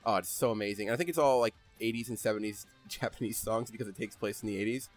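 A man hosting a podcast in casual chat, animated and rambling, and laughing as he tells stories. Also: on the low side, fast, faint music behind. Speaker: podcast host.

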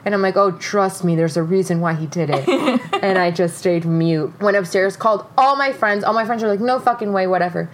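A young woman co-hosting a casual podcast, telling a story in an animated way, with frequent swearing and laughter. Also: mid-range voice, brisk. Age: young adult. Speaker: podcast co-host.

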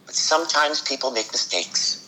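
A man voicing a sweet, innocent ice cream truck man, speaking gently and kindly. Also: medium pitch, lively intonation, normal speed, pitched above the performer's own voice, poor audio.

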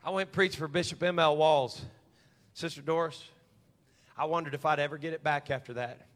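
A man's voice: on the high side, steady tone, a little fast, fairly bright tone. A man in his forties preaching a sermon as a humorous, folksy story. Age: 40s.

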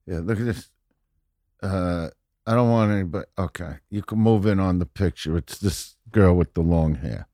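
A man telling stories as a podcast guest, profane and rambling, saying "you know" constantly and often building to loud punchlines. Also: deep voice, moderate pace, no room sound, clean studio sound. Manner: animated, often shouting punchlines. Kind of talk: casual storytelling chat.

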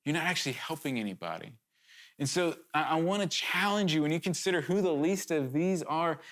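A man's voice: on the high side, animated, fairly quick, a bit bright. A man preaching a sermon to his congregation, earnest and urgent, talking conversationally with candid asides and sudden emphatic rises.

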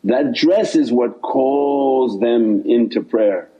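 Man, religious teacher, husky voice, rambling sermon, dull lo-fi sound. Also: mid-range voice, takes it slowly. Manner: meandering, repeats himself, loose phrasing. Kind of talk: informal sermon with questions.

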